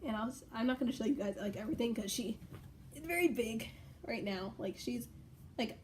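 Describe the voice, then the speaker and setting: Chatty young woman rambling excitedly. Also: a little high, a little fast, slight background noise. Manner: rambling, filler-heavy, excitable. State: out of breath. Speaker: vlogger. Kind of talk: casual rambling vlog. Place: bedroom at home.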